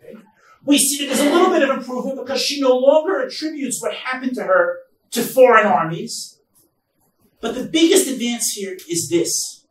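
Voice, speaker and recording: A rabbi giving a Bible lecture at a conference, emphatic, with loud stresses and quiet asides. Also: male voice, very high voice, normal speed. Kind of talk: Torah lecture. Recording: echoey hall, distant mic, faint noise.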